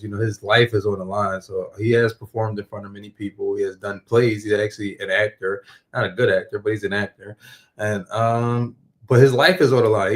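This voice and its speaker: A man calmly talking through the legal side of a trial, thinking aloud and correcting himself as he goes. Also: medium pitch. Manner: deliberate, thinks aloud with restarts. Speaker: guest commentator. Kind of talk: measured casual discussion.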